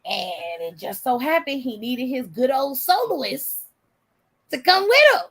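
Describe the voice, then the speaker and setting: A woman in her forties, host, telling a story in casual chat, animated and profane, laughing often. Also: high voice, measured pace, husky, poor audio.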